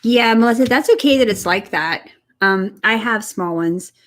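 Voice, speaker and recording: A young woman giving a spiritual energy reading on a live stream, talking softly and encouragingly to viewers by name from a room at home. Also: medium pitch, moderate pace. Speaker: energy reader. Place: home room next to her computer.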